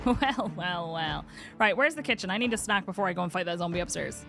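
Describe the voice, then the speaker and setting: A woman's voice: on the low side, fairly quick, gravelly, music in the background. Chatty woman streamer. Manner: chatty, talks to her game character, swears casually. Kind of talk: gameplay commentary.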